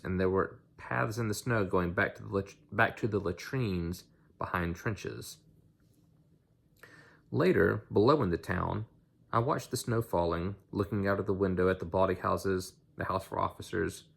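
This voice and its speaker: Male reader, unpolished novel reading, very low husky voice. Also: moderate pace. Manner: unpolished, with slips and restarts. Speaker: audiobook reader.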